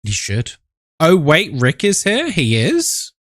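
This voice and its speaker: Lively, chatty streamer man. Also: a little high, slow pace, dry recording, clean studio sound. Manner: chatty, playful, affectionate teasing. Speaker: live-stream host. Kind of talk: casual stream chat greeting viewers.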